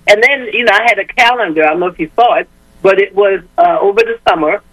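A woman's voice: medium pitch, quick pace, fairly bright tone, no room sound, low-quality recording. An older woman speaking as a guest in a radio interview, talking emphatically and repeating her points. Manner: emphatic, repetitive, rallying. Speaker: guest, education advocate.

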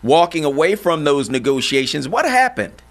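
A man's voice: fairly high pitch, very animated, moderate pace, a bit bright. A man hosting an interview, asking questions in a friendly, amused way. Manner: friendly, amused, short backchannel replies. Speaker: interviewer, host.

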